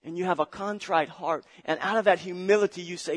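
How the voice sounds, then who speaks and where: A man's voice: high-pitched, brisk, few pauses. A male pastor preaching a sermon, building with passion, repeating phrases and calling on the congregation to answer. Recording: long hall reverb.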